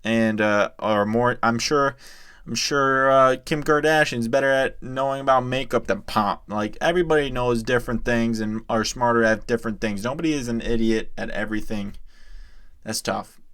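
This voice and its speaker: A man's voice: medium pitch, normal speed, fairly bright tone, clean tone. A young man from the United States giving casual crypto news commentary to his viewers, rambling and chatty. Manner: rambling and chatty, often addresses viewers as guys.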